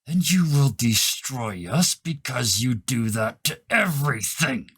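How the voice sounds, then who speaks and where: A man voicing a small, aloof alien assassin who speaks telepathically, in a flat, quiet tone during a tabletop game. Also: mid-range voice, slow pace, husky, exaggerated voice. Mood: cold.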